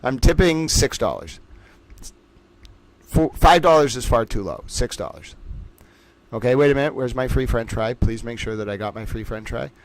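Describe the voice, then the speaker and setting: A man hosting a casual livestream trivia game, excitable and playful, swinging his voice up and down as he chats. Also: normal speed. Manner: excitable and playful, jumps between pitches.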